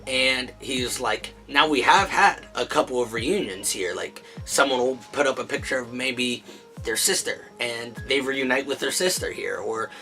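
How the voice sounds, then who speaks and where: A man's voice: medium pitch, normal speed, bright, forceful tone. A man hosting a casual comic book review show, retelling stories and acting out characters' lines, with faint music behind. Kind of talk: casual chat recapping comics.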